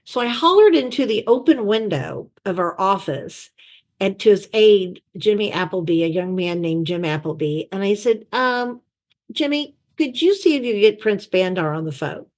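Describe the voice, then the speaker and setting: A middle-aged woman and former chief of staff, telling lively anecdotes and acting out the people she quotes. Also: medium pitch, normal speed. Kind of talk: storytelling in an interview. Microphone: video call.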